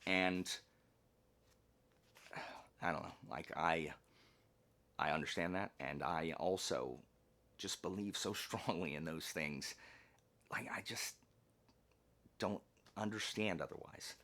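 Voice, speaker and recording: A man's voice: low-pitched, takes it slowly, pauses often, sharp tone. A man reviewing a book in a casual vlog, earnest and rambling, with frequent fillers and restarts.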